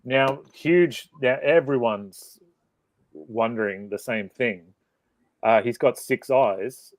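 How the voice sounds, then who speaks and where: An Australian man co-hosting a casual live chat, with wry, deadpan puns. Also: mid-range voice, slow pace, no echo. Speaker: podcast co-host.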